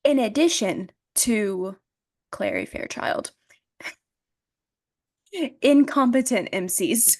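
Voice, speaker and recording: A young woman co-hosting a casual podcast in an easygoing way, often breaking into laughter. Her pitch moves up and down in a lively way, and she speaks at an unhurried pace. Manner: laid-back, laughs often. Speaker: podcast co-host. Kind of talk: casual chat.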